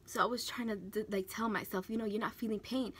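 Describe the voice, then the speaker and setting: A woman's voice: medium pitch, steady tone, fast talker, fairly bright tone, slight background noise. A young woman vlogging about a hard personal experience, tearful and fighting back crying as she talks. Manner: tearful, breaking down while telling a story. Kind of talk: emotional personal vlog.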